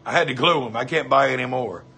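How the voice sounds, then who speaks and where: A man's voice: mid-range voice, fast talker, bright, forceful tone, a little hiss or hum. A man with a Southern US accent, chatting casually on a livestream, reading viewer comments and greeting people by name in a folksy way. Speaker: livestream host.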